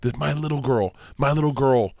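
A man's voice: mid-range voice, normal speed, vocal fry, darkish tone, no echo. A middle-aged man telling a comic story as a podcast guest, profane and full of stammered restarts. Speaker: guest comedian.

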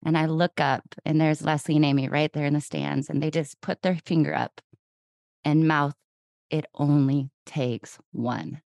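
A woman in her forties hosting a podcast, telling a lively story in casual chat and acting out her own past thoughts. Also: sits low, moderate pace, vocal fry, dry recording. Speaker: podcast host.

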